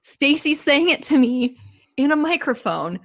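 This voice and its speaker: A woman's voice: high-pitched, big pitch swings, unhurried. Joking woman podcast co-host reacting. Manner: joking, playfully squeamish reactions. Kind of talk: casual chat.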